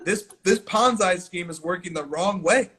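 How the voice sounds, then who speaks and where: A man with a bright, forceful voice, sitting a little high for a man, co-hosts a casual podcast chat. He jokes around and laughs easily. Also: normal speed, slightly rough. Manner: joking, laughs often. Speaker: podcast co-host.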